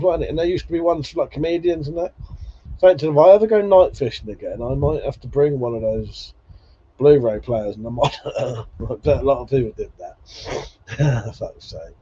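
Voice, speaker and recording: A man's voice: mid-range voice, dark tone, slightly rough. A man hosting a casual livestream, chatting and swearing freely between laughs. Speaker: livestream host. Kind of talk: casual chat reading viewer comments. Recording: dull lo-fi stream audio.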